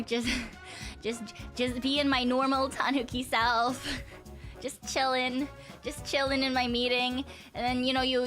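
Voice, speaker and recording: A woman's voice: a little high, sharp tone. A young adult woman streamer chatting casually with viewers, rambling, swearing and laughing often. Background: faint music.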